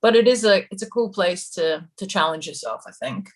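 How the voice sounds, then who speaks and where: Speaking fairly quickly and expressively in a lowish voice, a young woman guest musician rambles chattily through an interview. Her accent is Australian tinged with London, she laughs frequently, and the recording sounds rough.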